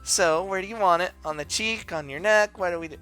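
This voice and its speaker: A man doing a soft, teasing schoolgirl. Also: high voice, brisk, clear, resonant tone, soft background music, voice pushed up. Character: teasing, composed teenage girl, the sister.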